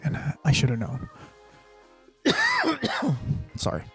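A man's voice: a little high, huge pitch swings, takes it slowly, fairly bright tone, soft background music. A man hosting a podcast, telling a personal story in a rambling, casual way, full of fillers and restarts. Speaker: podcast host.

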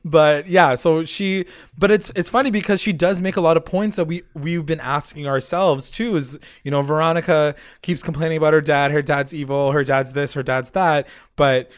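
A man's voice: a little high, fairly even intonation, normal speed, few pauses. A man co-hosting a casual podcast, recapping a TV episode and acting out quoted lines in mocking voices. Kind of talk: casual chat.

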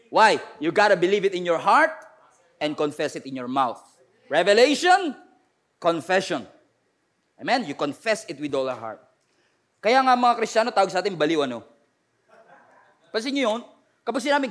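A middle-aged man with a Filipino accent, preaching a sermon in a mix of Filipino and English, calling out to the congregation and now and then building up to shouts. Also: sits high, very animated, normal speed, pauses often. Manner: preaching with call-and-response, rising to shouts. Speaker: pastor.

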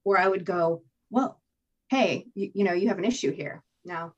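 A woman guest telling her own recovery story in an interview, candid and animated, swearing freely and acting out what she told herself. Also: fairly low pitch, normal speed, muffled recording. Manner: candid, animated storytelling with profanity and acted-out inner voices. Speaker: podcast guest.

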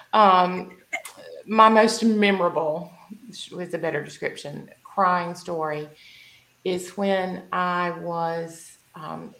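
A woman's voice: lowish voice, creaky. A woman in her fifties, co-hosting a podcast, telling a personal story in casual chat with frequent restarts. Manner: storytelling, with restarts and self-corrections. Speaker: podcast co-host. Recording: echoey room.

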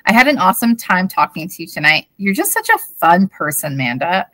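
A woman's voice: lowish voice, sing-song, fairly quick, pushed and bright, no echo. A woman in her thirties co-hosting a podcast, giggling as she reads old teen notes aloud in casual chat. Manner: giggly, bubbly, laughs between lines. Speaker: podcast co-host.

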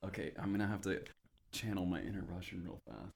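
A man's voice: deep voice, fast, gravelly. A man co-hosting a casual chat, enthusiastic and playful.

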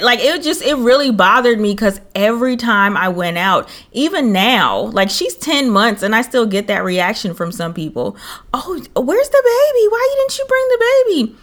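Sassy, animated young woman podcaster. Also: medium pitch, moderate pace. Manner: animated storytelling, sassy asides. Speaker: podcast co-host. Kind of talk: casual chat.

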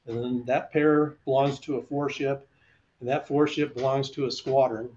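A man's voice: medium pitch, moderate pace, highs cut off. An older man, a retired fighter pilot, telling stories in an interview and acting out the voices of people he quotes. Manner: animated, acts out quoted voices in his stories. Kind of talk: storytelling in a conversational interview.

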